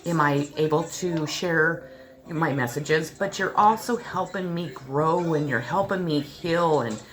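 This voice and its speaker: A woman's voice: deep voice, a little slow, low-quality recording. A woman in her forties talking to her subscribers in an emotional, rambling personal vlog, often repeating herself. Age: 40s. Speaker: spiritual channel host.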